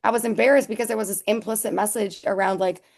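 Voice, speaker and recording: A woman's voice: medium pitch, quick pace, gravelly. A young adult woman chatting casually in a webinar, telling stories animatedly and mimicking voices, heard over a video call. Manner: animated storyteller, mimics her mom.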